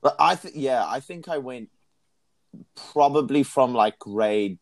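A young man talks loosely in a casual podcast chat. He wanders through his stories and keeps correcting himself as he goes. His voice sits at a middling pitch. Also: expressive, unhurried. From South Africa. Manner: rambling, self-correcting.

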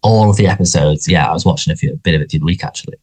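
A man's voice: a bass voice, very fast, a little mellow, slightly rough. A man co-hosting a podcast, chatting casually and rambling with lots of restarts. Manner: rambling, frequent restarts and fillers. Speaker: podcast co-host. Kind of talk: casual chat about a sitcom.

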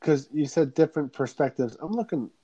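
A man's voice: on the high side, expressive, a little fast, mellow, slightly rough, lo-fi sound. A man hosting a casual chat, upbeat and quizzing his guest while laughing easily.

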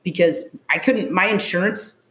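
A woman's voice: lowish voice, moderate pace, a bit bright. A woman first responder tells her story to an interviewer in a candid, emotional way. She is blunt and swears freely. The sound rings around an echoey room.

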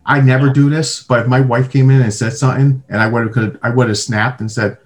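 A man's voice: medium pitch, brisk. A man co-hosting a casual movie review podcast, swearing and laughing along. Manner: animated, laughing, profane. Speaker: podcast co-host.

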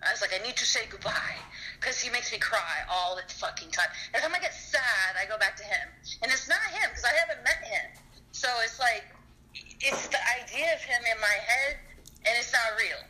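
A woman's voice: a little high, lively intonation, brisk, bright, forceful tone, rough recording. A woman calling in to a live stream, telling a long story in a rambling, profane, emotional way. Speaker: caller. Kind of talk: casual live-stream call.

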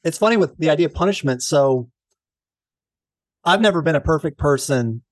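A man co-hosting a podcast in casual chat, an animated storyteller who swears freely. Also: a little high, normal speed, dry recording. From Texas. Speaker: podcast co-host.

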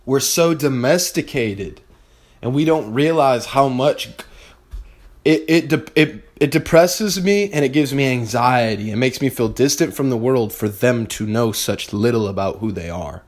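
A man's voice: medium pitch, animated, a little slow. Blunt, profane young man ranting. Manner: blunt, profane and fired-up, addressing listeners directly. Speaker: podcast host. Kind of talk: motivational monologue.

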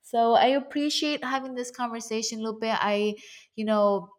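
A woman's voice: on the high side, normal speed. A woman hosting a podcast in casual conversation, chatty and mixing in Spanish words. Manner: chatty, warm-hearted, mixes in Spanish words. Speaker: podcast host.

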